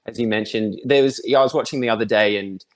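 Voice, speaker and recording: An Australian man in his thirties, a podcast guest who thinks aloud in a relaxed, reflective way with many fillers. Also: on the low side, fast talker. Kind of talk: casual conversation.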